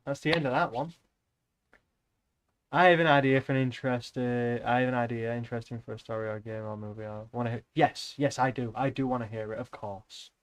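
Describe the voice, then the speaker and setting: A man's voice: mid-range voice, fairly even intonation, fairly quick. Rambling man chatting on stream. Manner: rambling, offhand, swears casually. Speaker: livestreamer. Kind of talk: casual chat with stream viewers.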